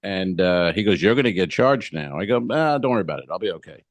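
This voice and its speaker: A man with a lowish voice tells a rambling story on a comedy podcast, acting out both sides of the conversation. He swears freely and keeps it loose. The sound is dry and close, with no room around it. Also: expressive, quick pace, no echo. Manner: profane, storytelling, acts out both sides of dialogue. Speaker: podcast co-host. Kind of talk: casual comedic chat.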